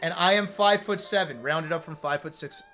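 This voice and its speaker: A man in his thirties, a streamer, casually telling a story to his chat, animated and joking, acting out what others said. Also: on the high side, brisk, soft background music. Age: 30s. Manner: animated, joking, acts out quoted lines.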